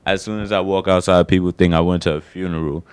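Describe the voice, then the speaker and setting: A young man with a low, steady, fast voice, darkish, clear and resonant, is doing his first stand-up set on a small studio stage. He rambles in slang and keeps poking fun at himself.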